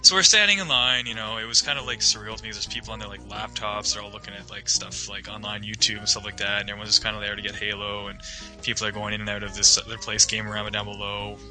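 A young man rattles through an anecdote at a quick clip, his voice bright and forceful. He strings his sentences together with "like" and slips into the voices of the people in his story. Music plays faintly behind him. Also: lowish voice, steady tone, rough recording. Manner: rambling, full of "like", acts out quoted voices. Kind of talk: casual storytelling chat.

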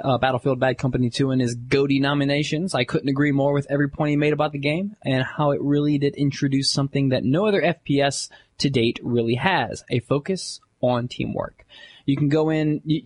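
A man co-hosting a gaming podcast, reading listener emails aloud in a brisk, jokey way. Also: mid-range voice. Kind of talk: casual chat and reading aloud.

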